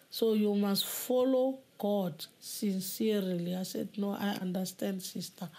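Woman, personal testimony, halting, repeats words, mellow tone. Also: medium pitch. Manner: halting, repeats words, acts out quoted dialogue. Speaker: testimony speaker.

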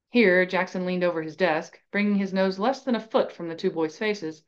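A woman podcast host reading a story aloud in a measured, expressive way. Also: on the low side, smooth. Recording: slightly dull lo-fi recording.

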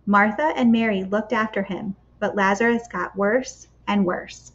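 A woman reading a picture book aloud to children for a church kids' club, with expressive, measured storytelling and dramatic pauses. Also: medium pitch. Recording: slightly dull lo-fi recording.

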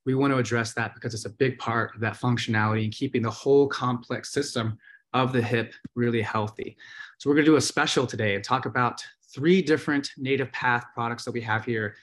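A man with a medium-pitched, steady, slightly bright voice hosts a live webinar, briskly coaching hip exercises. He's encouraging and easygoing, repeating his cues.

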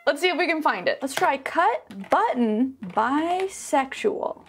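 A young adult woman hosting a casual reaction vlog to camera, bubbly and self-teasing, tossing in quick asides and laughs. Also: high voice, big pitch swings, music in the background. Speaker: YouTube reaction host.

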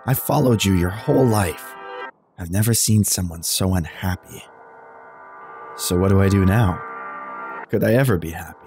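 A man reading aloud the slow, somber lines of a cold, cruel mysterious date in a game. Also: deep voice. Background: music.

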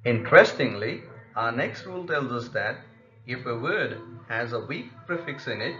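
A man's voice: mid-range voice, expressive, moderate pace, bright, forceful tone, soft background music. A male teacher giving a methodical pronunciation lesson and repeating example words with care. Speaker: English teacher. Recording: echoey room, slightly muffled lo-fi sound.

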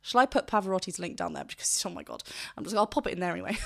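A woman's voice: medium pitch, huge pitch swings, very fast, gravelly, fairly bright tone. A woman vocal coach giving a casual reaction commentary, chatty and rambling, correcting herself mid-sentence and laughing often.

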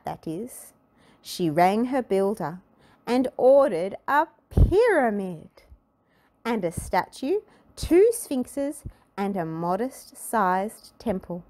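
A woman reading a children's picture book aloud, with expressive storytelling and playful emphasis. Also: medium pitch, slow.

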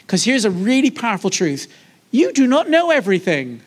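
A man preaching to a church congregation in a lively, conversational way, joking and asking the audience questions. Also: high-pitched, fairly quick. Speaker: guest preacher. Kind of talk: sermon. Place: church service.

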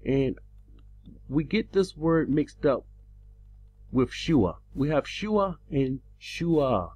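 A man delivering a teaching sermon, slow and emphatic, his pitch rising on the words he stresses. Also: mellow, husky. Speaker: preacher.

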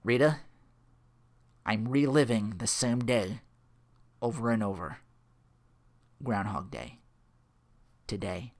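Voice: mid-range voice, slow pace, pauses often. A reader voicing a weary, frustrated TV weatherman who pleads in a casual read-aloud of a script. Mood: exasperated. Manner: exasperated, pleading.

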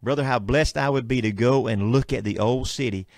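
A man in his fifties with a Southern US accent, hosting a Christian radio talk show in a fervent, preachy and excitable manner. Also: mid-range voice, brisk, no room sound, clean studio sound. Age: 50s. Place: radio studio.

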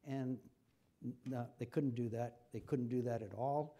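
A man's voice: mid-range voice, fairly even intonation, unhurried, mellow. An older man with an American accent, answering an interviewer's questions at a public forum, growing impassioned and repeating himself when stirred. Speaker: senator being interviewed. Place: lecture forum before an audience.

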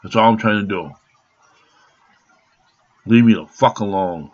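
A man ranting angrily to his camera, profane and rambling, with bursts of shouting. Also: on the low side, measured pace, muffled recording. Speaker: vlogger. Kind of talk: angry rant to camera.

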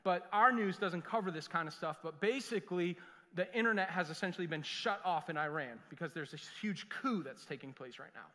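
A middle-aged pastor preaches a sermon, his voice sitting high and bright with a sharp, forceful edge. He tells animated, jokey stories and slips into quick voices for the people he quotes. The sound rings out with the long reverb of a church sanctuary.

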